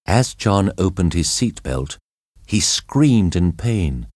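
A man narrating an audiobook chapter in a slow, deliberate, expressive reading. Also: deep voice, no room sound, studio quality. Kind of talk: scripted narration of a graded reader.

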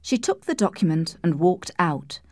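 A woman narrating a classic novel in a calm, measured storytelling voice. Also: fairly low pitch, no echo, clean studio sound. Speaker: audiobook reader. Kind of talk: scripted narration.

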